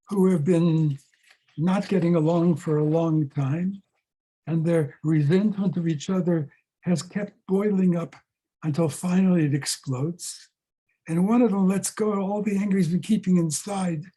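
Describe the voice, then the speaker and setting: An older man teaches a scripture class as a rabbi, speaking slowly and with weight. His voice sits high for a man yet sounds mellow and a little husky. He leans on repeated words to drive each point home. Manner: dramatic, repeats words for emphasis. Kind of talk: slow, emphatic scripture lesson.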